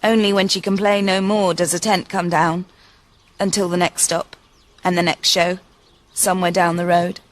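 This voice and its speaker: A woman reading a children's storybook aloud in a gentle, expressive way. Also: fairly low pitch, moderate pace, faint music behind. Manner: gentle, expressive, varied pacing.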